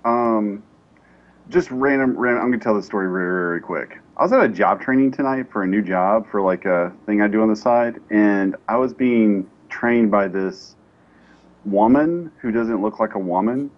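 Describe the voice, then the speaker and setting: A man with a fairly low voice makes dry, deadpan remarks on a podcast. His mic sounds a little muffled. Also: normal speed. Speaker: podcast host. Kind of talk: casual chat.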